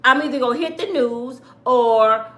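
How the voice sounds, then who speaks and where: A woman from Michigan who hosts a livestream and tells her own stories to viewers in a blunt, animated, outspoken way. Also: high voice, moderate pace, roomy sound. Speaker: livestream host. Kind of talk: casual storytelling to viewers.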